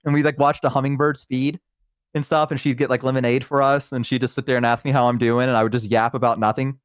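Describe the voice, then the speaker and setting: A man's voice: medium pitch, fairly even intonation, fast talker, dry recording, clean studio sound. A man guesting on a stream, chatting casually and telling rambling childhood stories full of fillers. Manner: rambling, filler-heavy storytelling. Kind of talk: casual chat.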